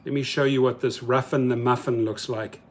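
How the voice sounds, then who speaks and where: A man's voice: medium pitch, steady tone, moderate pace. A man hosting a live stream in casual talk, reading viewer comments aloud and speaking in heated, colloquial terms. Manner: heated, mocking.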